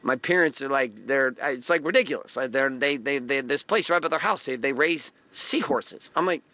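A man's voice: mid-range voice, moderate pace, bright, forceful tone, no room sound. A man giving a blunt, profane motivational talk, hammering phrases by repeating them and acting out the people he quotes. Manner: acts out quoted voices. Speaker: motivational host.

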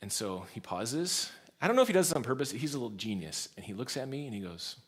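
Guy preaching in church, tells stories, laughs a lot, middle pitch. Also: fast, husky. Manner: storytelling, laughs often, lively shifts in loudness. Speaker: pastor. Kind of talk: sermon.

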